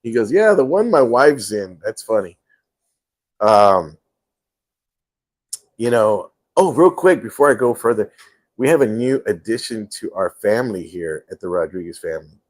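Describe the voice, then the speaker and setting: A man with a fairly low, expressive voice hosts a casual livestream from his home, speaking at a normal speed with long pauses. He rambles through stories, filling them with lots of fillers.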